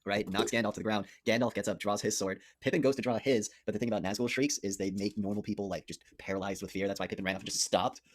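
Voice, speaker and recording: A man co-hosting a podcast, excitedly retelling movie scenes in casual chat, swearing often and slipping into quick impressions. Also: lowish voice. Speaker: podcast co-host.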